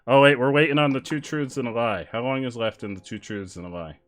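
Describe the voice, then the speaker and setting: A man's voice: mid-range voice, lively intonation, fast, fairly bright tone. A male streamer chatting casually with his viewers while playing, joking and laughing often. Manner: joking, laughs often, reads chat aloud. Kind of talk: casual live-stream chat while gaming.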